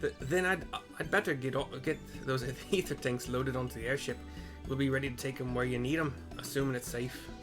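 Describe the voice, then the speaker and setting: Gruff engineer, put on by a man with a mock Scottish pirate brogue, blunt and stumbling. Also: medium pitch, fairly even intonation, a little fast, music in the background, lightly acted. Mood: eager. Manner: stumbling, repeating himself.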